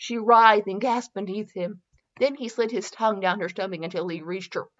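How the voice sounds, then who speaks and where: A woman's voice: medium pitch, moderate pace, dull audio. A woman podcast host reading fan fiction aloud for comedy, breaking off into giggles and self-mocking asides.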